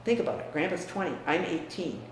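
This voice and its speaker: An older woman from the US Midwest, reminiscing about her family in a frank, emphatic way that often drops quiet. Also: lowish voice, animated, fairly quick. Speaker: interviewee. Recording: echoey room, distant mic, faint hiss.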